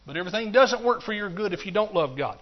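A man's voice: high voice, expressive, fast. A man preaching a sermon, repeating phrases in a rhythmic build and dropping in hallelujahs. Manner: rhythmic, repetitive, punctuated with hallelujahs. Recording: dull, muffled recording.

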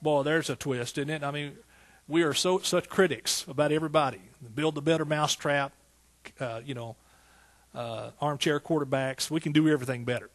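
A man with an East Texas accent preaching a sermon in a folksy, animated way, full of rhetorical questions. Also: on the high side, brisk. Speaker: pastor.

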